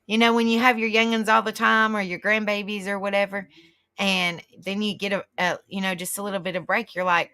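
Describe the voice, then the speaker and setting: A woman's voice: mid-range voice, fairly even intonation, normal speed, long pauses, bright, forceful tone. A middle-aged woman, hosting a live stream and chatting casually with viewers, rambling and reacting aloud as she reads the chat. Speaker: livestream host.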